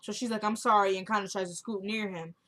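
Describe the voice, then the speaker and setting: Woman vlogger, mid-pitched, casual chatty recap delivery that quotes the characters' dialogue. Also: steady tone, quick pace, bright, forceful tone. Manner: retells scenes by quoting characters' dialogue; chatty, laughs while recapping.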